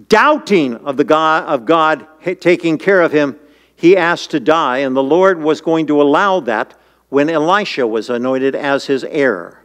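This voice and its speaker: A man's voice: expressive, unhurried, fairly bright tone. A man preaching a sermon as pastor, reading scripture and asking the congregation questions in an earnest manner. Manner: voice jumps high and urgent when paraphrasing scripture. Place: church.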